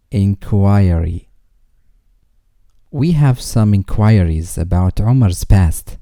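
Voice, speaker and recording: A man reads English vocabulary for a lesson, saying each word twice before an example sentence. He speaks very slowly in a dark, mellow voice set fairly low. The recording is dry and close. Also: animated, dry recording. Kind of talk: slow scripted word-and-sentence reading.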